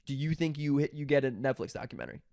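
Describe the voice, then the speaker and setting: A man's voice: mid-range voice, lively intonation, racing, vocal fry, mellow, dry recording, studio quality. A young man co-hosting a podcast in casual chat, teasing and bantering. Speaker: podcast co-host.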